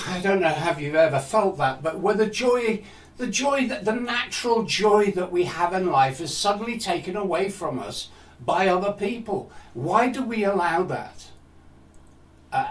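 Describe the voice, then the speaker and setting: A man in his seventies telling a personal story in a talk, reflective and asking rhetorical questions. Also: sits high. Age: 70s. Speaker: speaker. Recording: roomy echo, distant mic.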